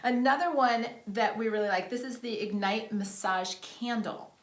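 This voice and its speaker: Middle-aged female co-host, frank casual chatter, slightly high, echoey room. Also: moderate pace. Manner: chatty and candid, frank about intimacy. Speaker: podcast co-host. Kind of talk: casual product chat.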